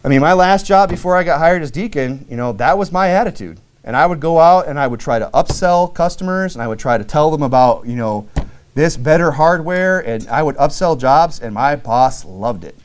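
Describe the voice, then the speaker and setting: A middle-aged deacon with a clear, resonant, fairly high voice preaches in a church sanctuary, talking quite quickly with lively intonation. His sermon is loose and conversational, full of stories from his old jobs and sprinkled with "you know" and "right?".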